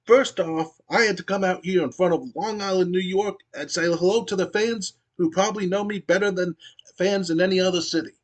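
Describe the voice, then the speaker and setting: Man reading as a veteran male wrestler, stern, lecturing, earnest, raised pitch. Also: fairly quick.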